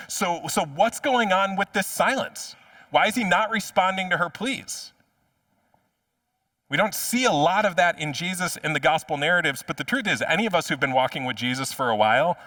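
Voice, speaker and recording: A man's voice: fairly high pitch, pushed and bright, no echo, distant mic. A man preaching a sermon as pastor in a conversational way, often repeating words as he restarts a phrase. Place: church.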